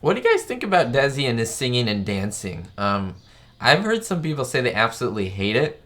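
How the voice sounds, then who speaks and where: A man's voice: mid-range voice, huge pitch swings, a little fast, fairly bright tone. Chatty man hosting a live stream. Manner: chatty and enthusiastic, reading viewer questions aloud. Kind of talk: casual live stream commentary.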